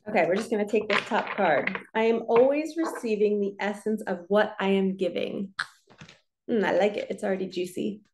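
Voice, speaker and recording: A woman's voice: medium pitch, moderate pace, gravelly, background noise. Woman doing a laid-back card reading, chatty and reassuring, says "like" a lot. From New Jersey. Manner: relaxed, chatty, reassuring, lots of "like" and "so". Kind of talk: casual spiritual card reading.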